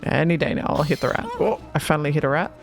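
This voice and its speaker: A man streaming a game, chatting casually, excitable, swearing and laughing often. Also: fairly high pitch, racing, vocal fry. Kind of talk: casual gaming chat. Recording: faint music behind.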